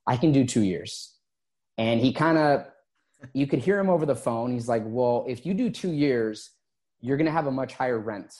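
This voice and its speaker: A man's voice: mid-range voice, moderate pace. A man who is an interview guest and former gym owner, telling his story casually and acting out past conversations. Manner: relaxed, recounts conversations in quotes.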